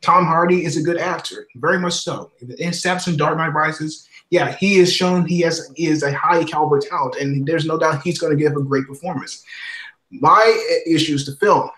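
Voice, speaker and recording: A man with a somewhat high voice co-hosts a casual podcast chat. He rambles and circles back over his own points. The sound is roomy and echoey. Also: moderate pace, a bit bright. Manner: rambling, repeats himself. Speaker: podcast co-host.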